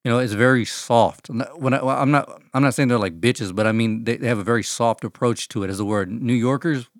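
A man's voice: medium pitch, brisk, no room sound, clean studio sound. A man co-hosting a podcast in casual chat, profane and joking, acting out quotes as he talks. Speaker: podcast co-host.

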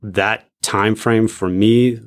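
Deep-voiced reflective man talking. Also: fairly even intonation. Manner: reflective, halting, many "like" fillers. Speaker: podcast guest. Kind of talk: casual faith podcast chat.

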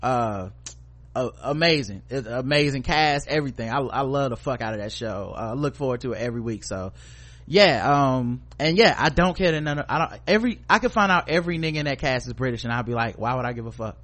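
A man's voice: medium pitch, animated, a little fast, fairly bright tone. A man co-hosting a podcast in casual chat, giving blunt, profane, opinionated commentary. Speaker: podcast co-host.

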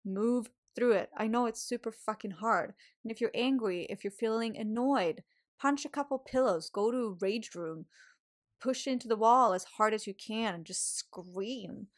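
A woman's voice: a little high, normal speed. A woman hosting a wellbeing podcast, talking casually and encouragingly, swearing often and laughing now and then. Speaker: podcast host. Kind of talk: casual motivational monologue.

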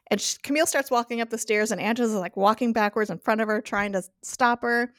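A woman's voice: on the high side, steady tone, fast, hardly any pauses, no room sound, clean studio sound. A woman guest on a podcast who chats casually as she recaps an episode, often laughing and acting out the characters' lines. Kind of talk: casual chat.

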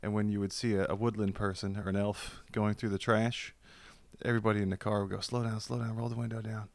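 Man, podcast co-host, dry close sound, laughs a lot, loud comic asides. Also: fairly low pitch, level tone, quick pace, creaky, no echo. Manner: storytelling, laughs often, loud comic voices. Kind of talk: casual comedy chat.

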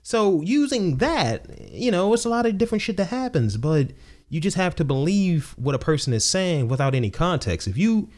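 A man's voice: high voice, very animated, moderate pace, darkish tone. A young adult man co-hosting a podcast, telling stories in blunt, profane casual chat. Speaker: podcast co-host.

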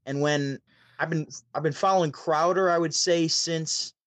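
A man from Syracuse, New York, telling stories as a podcast guest over a remote call, chatty and animated. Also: fairly high pitch, normal speed, no echo. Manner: chatty, animated, with frequent restarts. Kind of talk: casual storytelling.

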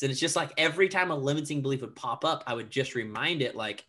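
A man in his thirties talking casually on a podcast, animated and full of filler words, acting out little quotes. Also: mid-range voice, fast, few pauses. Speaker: podcast guest.

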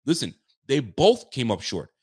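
A sports fan show host with a medium-pitched, slightly rough, a little mellow voice rants emphatically at normal speed, his pitch swooping wildly. It's a late-night post-game livestream, so he holds his volume down while fired up, reading and answering viewer messages.

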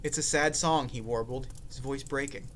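A man's voice: mid-range voice, moderate pace, a bit bright, slight background noise. A young man hosting a comedic podcast, reading a listener's story aloud in a playful, mock-dramatic way. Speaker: podcast host.

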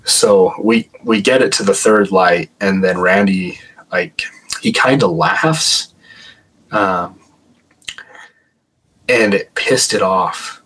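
A man's voice: low voice, takes it slowly, long pauses, a bit bright, husky, rough recording. A man, a paranormal investigator, casually telling a story as a podcast guest and saying "like" a lot. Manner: chatty, heavy use of "like".

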